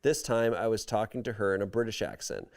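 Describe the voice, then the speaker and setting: Smooth-voiced man reading posts aloud. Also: fairly low pitch, fairly quick, darkish tone. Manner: wry, amused commentary between read passages. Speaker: podcast host reading online stories aloud. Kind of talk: casual comedic podcast chat and reading aloud.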